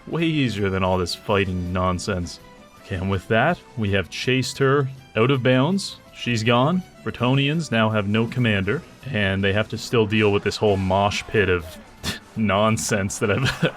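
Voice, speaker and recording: Male gamer, lower voice, sardonic commentary with bursts of mock rage, light music bed. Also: a little slow. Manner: sardonic, excitable, swings into loud outbursts. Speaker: gaming YouTuber. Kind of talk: casual gameplay commentary.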